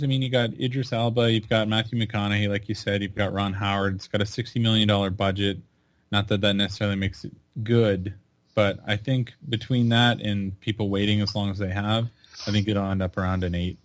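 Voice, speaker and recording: A man taking part in a casual podcast chat, explaining his views in a measured, matter-of-fact way. His voice is fairly low, and the recording is dry and close. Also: fairly even intonation, dry recording.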